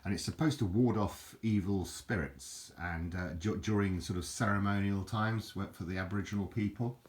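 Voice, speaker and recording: A man hosting a casual home video, talking in a halting, rambling way with many restarts and self-mocking jokes. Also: deep voice. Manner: drops into mock Aussie slang for fun. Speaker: video host showing an object. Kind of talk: casual rambling show-and-tell. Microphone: handheld camera, filming one-handed.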